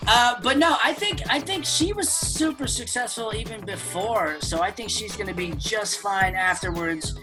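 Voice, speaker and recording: A man who is a comedian guest, chatting casually in an upbeat, joking way and telling animated stories. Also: high voice, moderate pace, hardly any pauses, over music. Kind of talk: casual interview chat.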